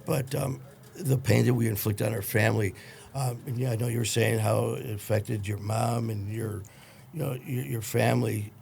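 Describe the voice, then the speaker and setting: A man's voice: on the low side, steady tone, moderate pace, gravelly, darkish tone, slight background noise. A man hosting a podcast, interviewing a guest and telling his own story in a reflective way. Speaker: podcast host. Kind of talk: conversational interview.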